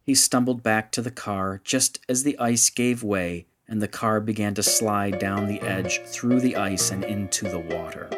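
A man reads an audiobook in a steady, measured way. His voice sits on the low side, and faint music runs beneath the narration.

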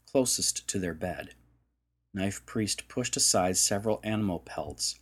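Man, audiobook narrator, husky, low voice, slow dramatic storytelling, faint music. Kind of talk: scripted narration.

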